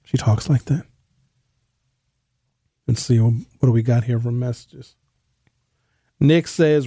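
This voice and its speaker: A man's voice: mid-range voice, steady tone, a little slow, gravelly, long pauses, warm tone, husky, dry recording. A man hosting a casual talk radio show from a studio, joking and offhand. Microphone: studio mic.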